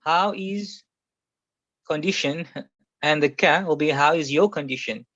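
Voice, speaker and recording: A man's voice: a little high, a little slow, a bit bright, dry recording. Patient male Arabic teacher, dry sound. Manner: explains patiently, repeats each example several times. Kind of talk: classroom grammar lesson. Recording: muffled, slightly lo-fi sound.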